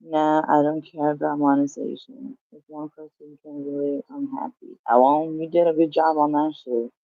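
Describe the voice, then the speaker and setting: Lady chatting on her live stream, kinda low voice, slightly muffled lo-fi mic. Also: flat delivery, moderate pace, no room sound. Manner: chatty, swears freely, laughs while reading chat. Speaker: livestream host. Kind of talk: casual live-stream chat. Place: home.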